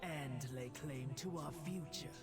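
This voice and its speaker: An actor playing a proud male dragon-kin warrior in a video game, measured and lightly mocking. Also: on the high side. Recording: game audio with loud music.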